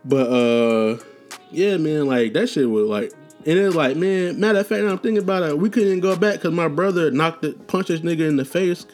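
A man's voice: fairly high pitch, moderate pace, a little mellow, soft background music. Young man telling rambling profane stories. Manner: loose, profane, rambling with restarts and slang. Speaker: podcast host. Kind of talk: casual storytelling monologue.

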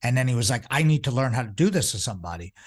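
A jiu-jitsu instructor in his forties tells stories casually in a mid-range voice with lively intonation, talking very fast. His rambling delivery is full of fillers and restarts.

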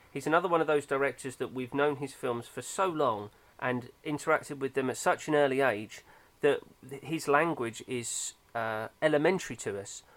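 A man's voice: mid-range voice, fairly bright tone. A man, chatting about films in a thoughtful, opinionated way with frequent fillers. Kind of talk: casual film discussion.

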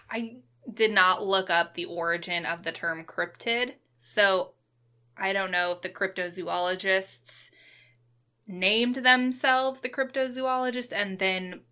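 A woman co-host with a bright, forward voice who talks at a slow, easy pace. She chats casually and thinks out loud as she speaks. Her pitch sits in the middle for a woman. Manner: conversational, thinks aloud. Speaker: podcast co-host. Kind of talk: casual chat.

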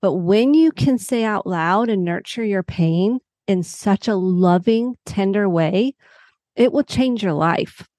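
A woman guest who works as a psychotherapist, telling a personal story in lively conversational talk and acting out the people she quotes. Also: mid-range voice, takes it slowly, no room sound, studio quality. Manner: animated, warm storyteller who acts out quotes.

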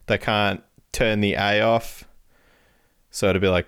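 Smooth low-voiced man, rambling guest. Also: steady tone, a little slow, fairly bright tone, dry recording, clean studio sound. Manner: rambling, laughs between answers. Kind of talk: casual podcast chat.

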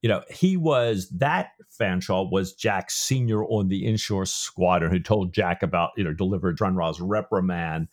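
A man's voice: sits low, moderate pace, few pauses. A man co-hosting a podcast, casually retelling and discussing a novel's plot with lots of filler words. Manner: retells scenes loosely with many "you know" fillers. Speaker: podcast co-host.

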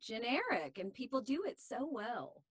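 A woman's voice: fairly high pitch, big pitch swings, moderate pace, husky, dry recording. A woman from Tennessee, a voiceover actress, talking casually as a podcast guest and rambling with many restarts. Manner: rambling, full of fillers and restarts. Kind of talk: casual conversational interview.

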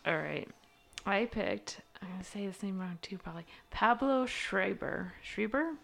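A woman's voice: medium pitch, animated, normal speed, gravelly. A woman talking casually and hesitantly, often correcting herself. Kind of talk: casual chat.

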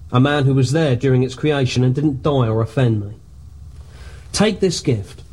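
A man playing a pompous, self-important male horror writer, speaking in a grandiose, deadpan scripted comedy monologue. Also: medium pitch, lightly acted.

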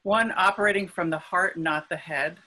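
Bright-voiced earnest woman guest. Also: lowish voice, moderate pace, low-quality recording. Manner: earnest, gentle explanations. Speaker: spiritual healer and guest. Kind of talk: conversational interview.

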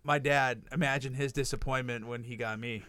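A man's voice: mid-range voice, fairly even intonation, moderate pace, a loud crowd. A man co-hosting a casual podcast who jokes crudely about his family. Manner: crude, joking, laughs often. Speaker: podcast co-host. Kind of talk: casual chat.

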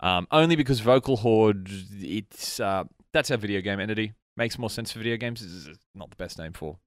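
A man hosting a casual podcast chat, rambling and animated, his voice sometimes trailing off into mutters. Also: lowish voice, moderate pace, no echo, studio quality. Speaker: podcast host. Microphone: studio mic.

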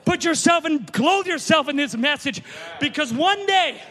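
A man preaching a sermon to a congregation, telling a story with dramatic shouts and hushed whispers. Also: extremely high pitch, animated, moderate pace. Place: church sanctuary.

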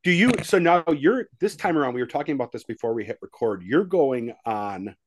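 Lively male podcast co-host. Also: mid-range voice, a little fast. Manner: lively, playful questioning. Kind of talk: casual interview questions.

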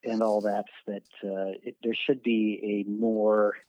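A man chatting as a podcast guest in a measured, mildly complaining way. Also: fairly low pitch, flat delivery, dark tone, no room sound, lo-fi sound. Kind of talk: casual chat.

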